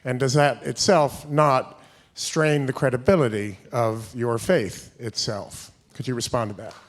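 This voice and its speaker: A man from the audience asking the panel a formal question, deliberate and carefully worded. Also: mid-range voice, fairly even intonation. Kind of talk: reading a question at a microphone.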